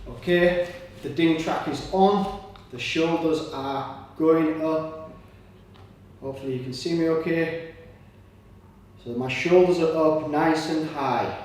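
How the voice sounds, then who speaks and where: A man's voice: on the high side, takes it slowly, long pauses, a little mellow. A man leading a guided somatic exercise, giving encouraging cues and breathing audibly between them. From Britain. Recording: echoey room, voice from far off.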